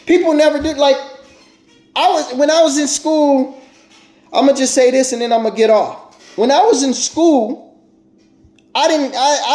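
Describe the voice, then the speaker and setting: Preachy high-voiced man in an echoey room. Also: measured pace, long pauses, darkish tone. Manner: repetitive, preachy, stammering restarts. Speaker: vlogger. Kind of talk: casual monologue to viewers.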